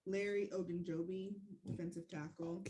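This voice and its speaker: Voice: mid-range voice, little pitch movement, normal speed, mellow. A podcast host running through team needs in a playful way, with joking asides between lists. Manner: playful, list-reading with asides. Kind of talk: casual sports podcast.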